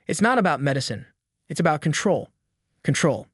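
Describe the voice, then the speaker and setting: A man voicing a calm clinical therapist. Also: on the high side, fairly quick, breathy edge, dry recording, studio quality. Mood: explaining.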